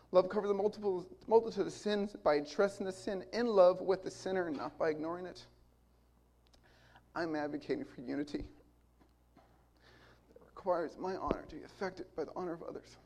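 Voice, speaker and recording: Male preacher, forties, slightly high voice, earnest and emphatic, repeats lines for weight. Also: a little mellow. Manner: earnest, emphatic, building repetition. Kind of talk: sermon.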